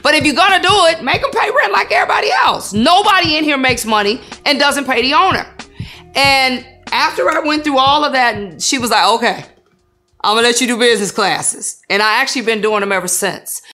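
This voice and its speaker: A woman's voice: high-pitched, lively intonation, a little fast, pushed and bright, soft background music. A woman salon business coach giving an earnest, emotional testimony in a documentary interview, with a preacherly rhythm.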